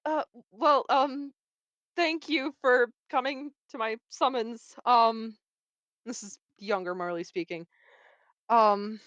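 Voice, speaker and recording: A woman's voice: fairly high pitch, takes it slowly, a bit bright, no echo, highs cut off. A woman voicing a nervous, desperate young college student who stammers. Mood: stammering. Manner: stammering, then pleading.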